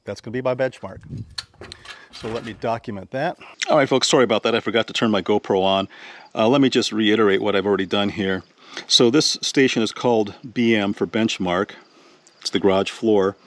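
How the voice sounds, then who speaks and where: A man's voice: fairly low pitch, steady tone, a little fast. A man hosting his own DIY channel who gives a patient, plain-spoken how-to explanation. He often stammers and restarts his sentences.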